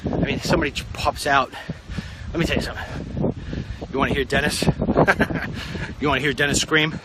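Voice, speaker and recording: A middle-aged man rambling in a casual vlog while out walking, a bit out of breath, with sudden excited outbursts. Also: normal speed, very noisy. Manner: animated, jumps into high excited outbursts. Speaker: vlogger.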